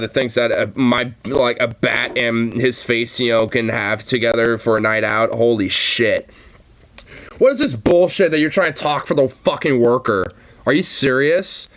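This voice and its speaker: A man's voice: medium pitch, fairly bright tone. Profane ranting male commentator. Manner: ranting, sarcastic, heavy swearing; mocking sing-song interjections. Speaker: commentator reacting to a clip.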